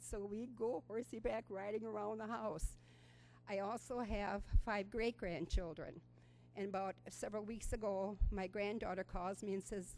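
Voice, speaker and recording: An older woman in her sixties tells her own story to an audience in a school auditorium. She talks earnestly and with a few hesitant ums. Her voice sits at a middle pitch, with a faint background hiss. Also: little pitch movement, moderate pace, dark tone, poor audio. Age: 60s. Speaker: program participant giving a testimonial. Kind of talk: personal testimony speech to an audience.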